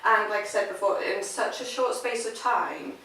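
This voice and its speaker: A woman from Wales hosting a casual interview, chatty and quick to laugh. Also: mid-range voice, sharp tone. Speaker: interview host. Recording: echoey room, distant mic, faint noise.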